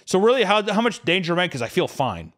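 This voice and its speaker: A man's voice: sits high, fast talker. A young man co-hosting a podcast, telling a story in a casual, profane, comedic way and acting out the voices of the people in it. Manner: animated, profane, acts out quotes with screams. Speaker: podcast co-host.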